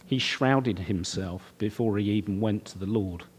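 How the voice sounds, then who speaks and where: A man's voice: lowish voice, unhurried, slight background noise. A middle-aged man preaching, telling his own story in an earnest, conversational way. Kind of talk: sermon testimony.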